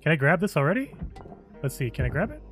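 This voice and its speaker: A man hosting a gaming channel, giving excitable let's play commentary and thinking aloud as he plays. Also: fairly high pitch, fast talker, faint music behind.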